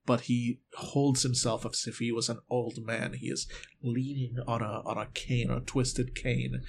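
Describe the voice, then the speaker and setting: A man's voice: medium pitch, little pitch movement, normal speed, vocal fry, a little hiss or hum. A man running a tabletop role-playing game, narrating scenes in a casual, descriptive way with frequent fillers. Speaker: game master.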